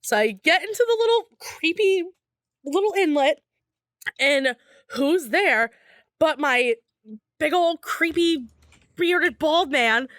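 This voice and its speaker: A woman's voice: sits high, expressive, slow, long pauses, a bit bright, no echo, studio quality. A young woman guest on a podcast, telling a story casually and animatedly, laughing often and acting out the people in it.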